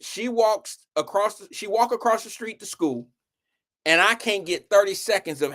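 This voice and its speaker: Animated, profane man hosting a live show. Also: sits high, moderate pace, gravelly. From Ohio. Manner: animated, profane, rambling storyteller. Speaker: show host. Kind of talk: casual live-stream talk.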